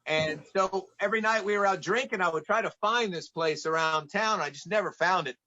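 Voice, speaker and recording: A man from Atlanta, a podcast guest, chatting casually and telling lively anecdotes, acting out the people he quotes. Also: sits high, fairly quick, muffled recording. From United States, Atlanta. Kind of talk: casual storytelling in conversation.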